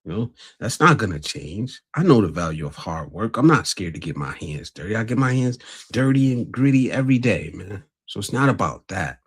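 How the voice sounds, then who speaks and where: A man's voice: on the low side, sing-song, brisk, husky. A man hosting a casual livestream, talking bluntly and earnestly to his viewers. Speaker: livestream host.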